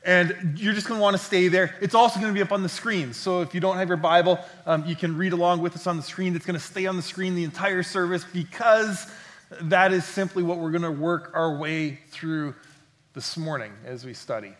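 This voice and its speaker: A pastor preaching a sermon in a church, in a friendly, conversational manner. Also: male voice, sits high, fairly even intonation, fairly quick, fairly bright tone.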